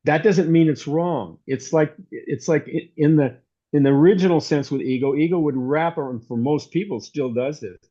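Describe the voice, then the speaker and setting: A man's voice: fairly high pitch, normal speed, dark tone. A man giving an informal, rambling sermon as a pastor, telling stories in a conversational way. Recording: dull lo-fi recording.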